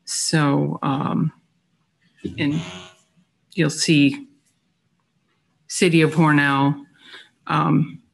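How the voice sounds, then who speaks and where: A county official walking a meeting through tax figures, halting with many fillers and self-deprecating asides. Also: mid-range voice, little pitch movement, gravelly, slightly rough. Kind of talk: meeting presentation.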